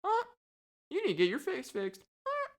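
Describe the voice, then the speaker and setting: A man's voice: very high voice, huge pitch swings, normal speed, a bit bright, voice pushed up, full character voice. A man voicing a rude, cocky cursing parrot that squawks insults. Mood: jeering. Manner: squawky, jeering taunts.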